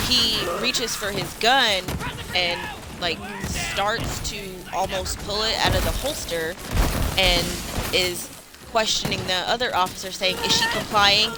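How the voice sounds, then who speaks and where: A woman's voice: mid-range voice, measured pace, poor audio. A woman gaming streamer telling a story casually while she plays, with lots of fillers, breaking off now and then to react to the game. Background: game music.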